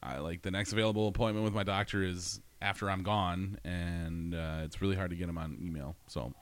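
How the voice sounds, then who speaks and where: A man's voice: low-pitched, fairly even intonation, brisk, dry recording. A man telling a story in a casual, profane monologue, ranting and laughing as he goes.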